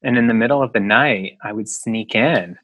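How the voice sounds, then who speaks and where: A man hosts a casual podcast chat, reacting and asking quick questions. His voice is medium-pitched and sounds dry, close, with no room around it. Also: a bit bright, dry recording.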